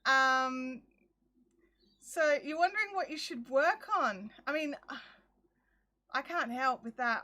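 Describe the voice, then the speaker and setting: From her craft shed, an Australian woman tells her livestream viewers a funny story, acting out everyone's lines. Her high voice is bright and forward, and she speaks casually through a phone, slowly and with frequent pauses, chatty and animated as she performs her own quotes.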